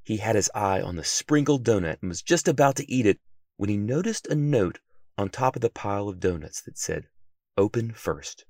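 A man narrating a children's story in an expressive, animated reading voice. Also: fairly low pitch, fairly quick, no room sound, clean studio sound.

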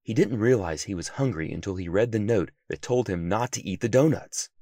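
A man narrating a children's story in an expressive, animated reading voice. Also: on the low side, brisk, dry recording, studio quality.

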